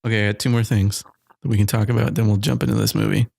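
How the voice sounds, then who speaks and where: A podcast co-host chats casually on a studio mic, the sound dry and clean. His lowish voice is gravelly, a little mellow and fairly monotone, and he talks very fast, rambling and laughing often.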